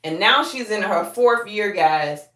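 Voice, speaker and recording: A woman's voice: mid-range voice, animated, a little slow, sharp tone, reverberant. Southern woman quizzing her live audience. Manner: folksy, quizzes the audience, calls them y'all. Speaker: real estate agent. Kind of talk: live-streamed teaching talk.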